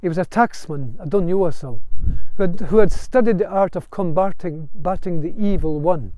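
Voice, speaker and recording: A man's voice: high-pitched, normal speed, mellow. Earnest man telling history. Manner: earnest, storytelling cadence, some restarts. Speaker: bard and storyteller. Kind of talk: spoken lecture on Gaelic song and history.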